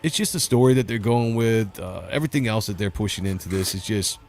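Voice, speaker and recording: A man's voice: on the low side, brisk. A man hosting a casual livestream, reading chat comments and giving blunt opinions. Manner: blunt, opinionated, laughs often. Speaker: host reading live chat.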